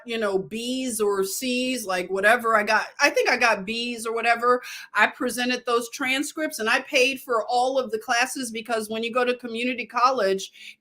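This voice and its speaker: Chatty Philly woman, slow and digressive. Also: a little high, bright, forceful tone. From Northeast Philadelphia. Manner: chatty, digressive, loses her thread. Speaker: nurse livestreamer. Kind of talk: casual livestream storytelling.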